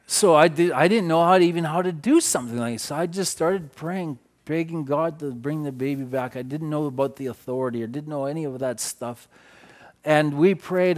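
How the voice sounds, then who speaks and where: A middle-aged man, preaching a sermon as he tells a story, swinging from loud exclamations to hushed passages. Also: a little high.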